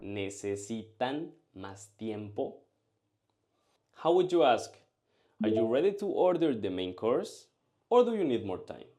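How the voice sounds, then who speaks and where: A man teaching a language lesson, drilling short phrases and answers in a slow, carefully enunciated way. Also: mid-range voice, sing-song, mellow.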